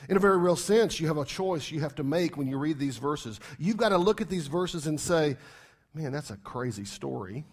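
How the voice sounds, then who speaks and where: Emphatic male pastor, slightly high voice. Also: fairly quick, few pauses. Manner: emphatic, with rhetorical questions to the congregation; repeats key phrases for emphasis. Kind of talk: sermon.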